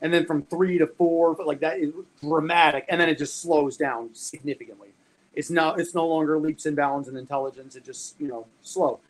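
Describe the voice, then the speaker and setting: A man on a casual podcast chat, explaining dog training in an animated, profane way with everyday comparisons. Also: on the high side, normal speed, poor audio.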